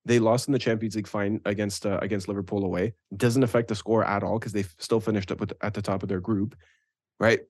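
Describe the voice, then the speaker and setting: A man co-hosting a casual football podcast, opinionated and animated, often checking in with "right?". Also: fairly low pitch, quick pace, no echo, studio quality. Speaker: podcast co-host. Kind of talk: casual sports chat.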